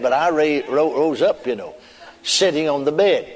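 Brief: a higher-voiced male preacher, folksy and chuckling, in a reverberant hall. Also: measured pace, pauses often, a little hiss or hum. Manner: folksy storytelling with chuckles and repeated asides. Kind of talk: sermon testimony.

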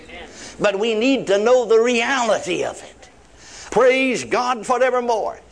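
An older man delivers a sermon in a high-pitched voice. He repeats his key phrases and leans hard on single words, slowing to draw them out. Folksy turns of phrase and frequent cries of praise run through his preaching. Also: animated, gravelly. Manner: repetitive emphatic preaching with frequent praise interjections.

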